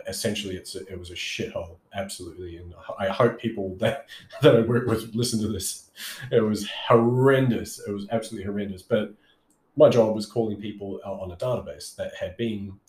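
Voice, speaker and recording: A man's voice: on the low side, darkish tone, echoey room. A man talking as a sales coach in a casual coaching monologue, conversational and full of fillers and restarts.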